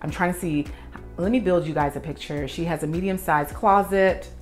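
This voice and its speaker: A young woman who works as a professional organizer tells an animated story in a vlog while tidying, acting out how she reacted back then. Her voice is lowish at a moderate pace, with faint music behind.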